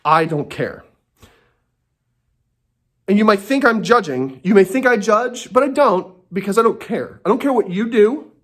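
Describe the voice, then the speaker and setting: A man rants from his home in a sarcastic comedy monologue, full of swearing and outbursts. His voice leaps around in pitch with a very lively, animated delivery. He often talks to himself and loses his train of thought. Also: a little slow, long pauses. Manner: angry, profane and sarcastic. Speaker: comedic rant host.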